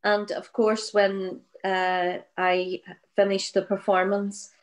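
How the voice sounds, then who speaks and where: A woman's voice: medium pitch, little pitch movement, takes it slowly, rough recording. A woman, a storyteller guest recounting an anecdote and acting out its voices. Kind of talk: oral storytelling.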